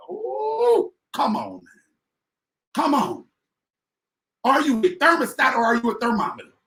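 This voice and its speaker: A man giving a fired-up motivational business talk to an online audience, emphatic and repetitive, swinging from loud to quiet. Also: high-pitched. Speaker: motivational speaker and business coach.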